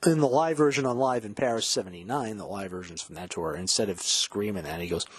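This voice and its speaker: A man hosting a music show, chatting casually about an album, often quoting and humming lyrics with excitement. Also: mid-range voice, fairly quick, hardly any pauses, dry recording. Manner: quotes and hums lyrics while explaining, excitable. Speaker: podcast host.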